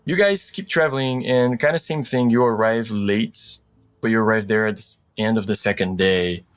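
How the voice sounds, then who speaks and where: A man's voice: lowish voice, moderate pace. A man narrating as game master in a casual, rambling way with many fillers.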